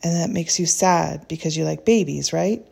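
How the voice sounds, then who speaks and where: A woman's voice: low voice, normal speed, creaky, warm tone, slightly rough, full character voice. A woman reading a story, voicing her nine-year-old daughter, who is curious and self-assured and speaks in an earnest, matter-of-fact way.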